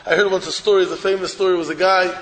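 A man with a high voice preaches a storytelling sermon as a rabbi, animated and hammering his points through repetition. His voice rings through a roomy hall with a long, lingering reverb. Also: fast, a little hiss or hum. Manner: animated, repeats phrases for emphasis. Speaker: rabbi giving a Torah talk.

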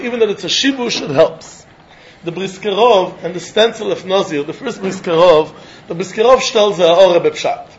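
High-voiced man giving a Talmud lecture. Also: lo-fi sound, a little hiss or hum. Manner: lively, questioning, mixes English with Yiddish and Hebrew terms. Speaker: Talmud teacher.

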